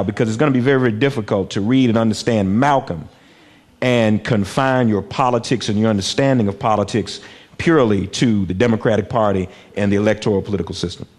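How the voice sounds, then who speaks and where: A man hosting a panel discussion that goes out on radio. His voice is lowish, and his talk is loose and conversational, with fillers and quick asides. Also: darkish tone. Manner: conversational, many fillers, hurries through asides. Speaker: moderator and radio host. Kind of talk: panel moderation broadcast on radio.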